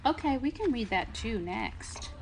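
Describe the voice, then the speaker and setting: Animated woman reading a picture book aloud. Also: fairly high pitch, measured pace, a little hiss or hum. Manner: animated, stops to explain the pictures. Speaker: podcast host reading to a child. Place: home playroom.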